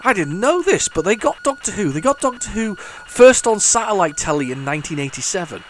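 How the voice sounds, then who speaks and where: A man's voice: high voice, expressive, a little fast, faint music behind. A man chatting casually while he plays old computer games, rambling and stumbling over his words with many restarts. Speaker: retro gaming YouTuber. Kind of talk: casual commentary while playing.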